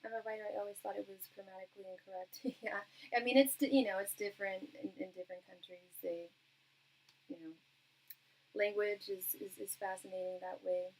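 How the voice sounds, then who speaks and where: A young woman hosting a live tarot reading stream, chatting casually and warmly with her viewers, with frequent ums and soft laughs. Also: mid-range voice, steady tone, brisk, low-quality recording. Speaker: tarot reader and livestream host. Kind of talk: casual livestream chat with viewers.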